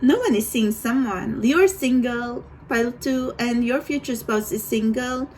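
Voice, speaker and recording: A woman's voice: on the high side, measured pace, darkish tone, a little hiss or hum, rough recording. A woman doing a tarot reading for viewers, rambling and hesitant, with many restarts. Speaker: tarot reader.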